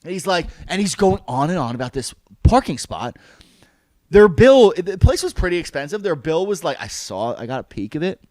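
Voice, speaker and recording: Man, podcast co-host, lively swooping voice, dry close sound. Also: a little high, moderate pace, dry recording. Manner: animated, profane, acts out other people's lines. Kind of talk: casual storytelling chat.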